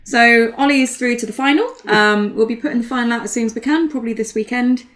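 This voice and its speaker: A woman, her voice sitting a little high, talks a card game through as co-commentator. She is chatty and self-deprecating and laughs easily. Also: quick pace, a bit bright.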